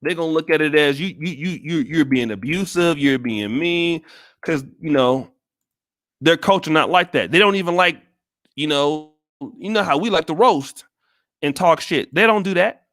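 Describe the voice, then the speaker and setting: In a dry, studio-quality recording, a U.S.-born man with a higher-pitched, somewhat bright voice and lively intonation gives frank, foul-mouthed livestream commentary at a moderate pace, often starting over.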